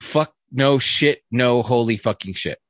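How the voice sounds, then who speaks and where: A man's voice: medium pitch, a little slow, no room sound. A man hosting a podcast in casual chat, rambling and reading listener emails aloud. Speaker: podcast host.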